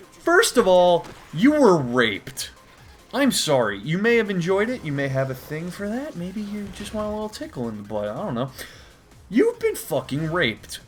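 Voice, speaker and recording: A man giving crude, rambling comedic commentary while reading a comic aloud, with profane deadpan asides. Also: high-pitched. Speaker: comedy video host.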